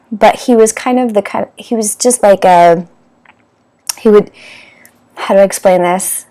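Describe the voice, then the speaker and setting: Speaking slowly with long pauses, a Canadian woman in her thirties vlogs about her dating life. Her mid-range voice has a darkish tone, and she rambles candidly, often using fillers and correcting herself.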